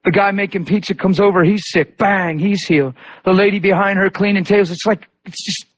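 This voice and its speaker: A male preacher delivering a sermon, telling stories in a lively way and acting out the people he quotes. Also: high-pitched, brisk. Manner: animated storytelling with voiced quotes. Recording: dull lo-fi recording.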